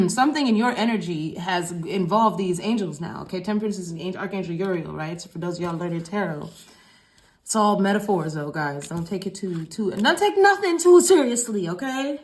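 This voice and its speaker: A woman's voice: on the low side, fairly quick, a little mellow. Rambling, slangy woman reading tarot. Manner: loose, rambling and slangy, with frequent swearing; repeats phrases like chants. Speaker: tarot reader. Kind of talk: casual collective tarot reading.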